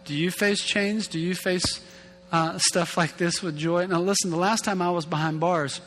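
A male pastor delivers a chatty, self-mocking sermon in a somewhat high voice. His words trail off into a long hall reverb. A faint hum sits underneath. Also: fairly even intonation, moderate pace, fairly bright tone. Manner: casual, self-deprecating, repeats and restarts words. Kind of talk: conversational sermon.

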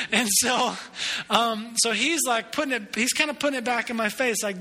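A man's voice: sits high, fairly quick, bright, forceful tone. A man preaching a sermon as a pastor, earnest and conversational, repeating words as he builds emphasis and tossing in self-deprecating asides. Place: church sanctuary.

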